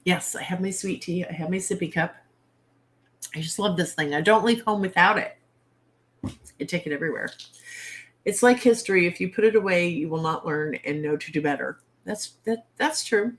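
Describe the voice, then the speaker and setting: A woman's voice: on the low side, moderate pace, slight background noise. Blunt, exasperated woman hosting a livestream. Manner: blunt, exasperated, salty humor. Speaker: livestream host. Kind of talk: casual livestream chat.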